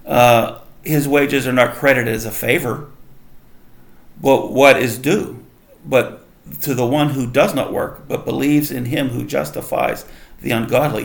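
Gravelly man explaining scripture casually. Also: mid-range voice, reverberant. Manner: reads scripture aloud and explains it conversationally. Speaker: Bible teacher. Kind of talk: casual Bible study talk.

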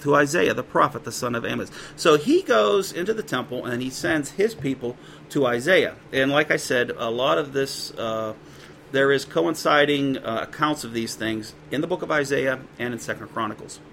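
A man preaching a sermon in a conversational way, with quick asides and dramatic quoted voices. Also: medium pitch, pushed and bright, a little hiss or hum. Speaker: pastor.

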